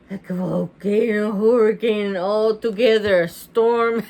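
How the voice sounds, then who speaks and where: A woman reading a picture book aloud with animated, chatty asides, gasping and laughing as she goes. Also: fairly high pitch, extremely slow. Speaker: reader.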